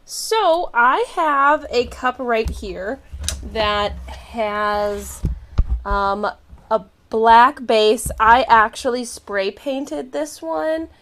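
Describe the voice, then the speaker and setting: A woman hosting a live crafting stream, chatting bubbly and warmly with viewers and greeting them by name. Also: on the high side, lively intonation, drawn-out words, slight background noise. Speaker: craft channel host. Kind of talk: casual live-stream chat.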